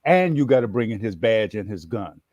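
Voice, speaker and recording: A man's voice: fairly low pitch, very animated, a little fast, a little mellow, no echo, dull audio. A man doing a cocky teenage street kid. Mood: menacing. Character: tough older teenage street boy, cocky and menacing.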